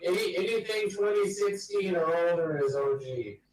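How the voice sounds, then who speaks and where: A man's voice: sits high, expressive, moderate pace. A man in a casual group chat, teasing and playfully provocative. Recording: roomy distant noisy call with clicks.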